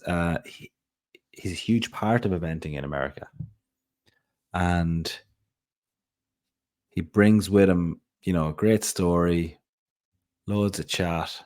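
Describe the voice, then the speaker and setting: A man's voice: low voice, a little mellow. A man co-hosting a podcast, rambling chattily with plenty of asides and fillers. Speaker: podcast co-host. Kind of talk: casual chat.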